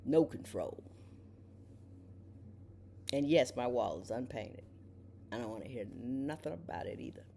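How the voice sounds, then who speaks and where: This middle-aged woman, once a TV judge and now a podcaster, shares a relaxed story from home, voicing each quoted person with dramatic pitch leaps. Her delivery is a little slow and creaky, with frequent pauses, and a faint hiss or hum sits under the recording.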